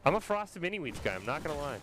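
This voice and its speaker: A man casting an online game tournament, bantering and chatting in an animated, opinionated way. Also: a little high, fast. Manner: animated, opinionated, laughs often. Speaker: esports caster. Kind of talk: casual game commentary and banter. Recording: noisy background ambience.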